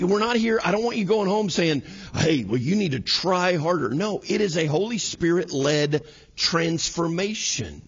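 A man's voice: sits high, slightly rough, lo-fi sound. A man in his thirties preaching a sermon in a church, acting out everyday scenes in quoted voices. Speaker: pastor. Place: church sanctuary.

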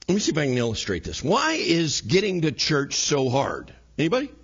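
A man preaching to his congregation, his voice swinging up and down as he plays out little scenes. His tone is husky and sits a touch high. The recording sounds a little dull. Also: a little fast. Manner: animated, acts out scenes in quoted voices. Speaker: pastor. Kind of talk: sermon. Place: church sanctuary.

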